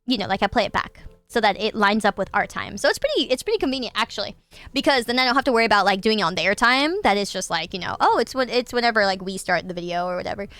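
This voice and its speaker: A woman's voice: medium pitch, animated, quick pace, fairly bright tone, dry recording. A woman hosting a livestream, chatting casually with her viewers in a bubbly, giggly way with lots of filler words. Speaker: livestream host.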